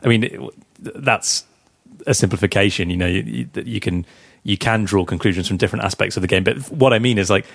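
A man's voice: fairly low pitch, fairly quick, creaky, dry recording, clean studio sound. A man co-hosting a casual cricket podcast, chatty and teasing, often laughing while he talks. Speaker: podcast co-host.

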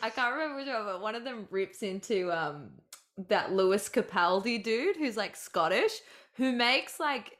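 A woman's voice: a little high, expressive, moderate pace, a bit bright. A woman hosting a podcast, chatty and giggly, swearing freely in casual chat. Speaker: podcast host.

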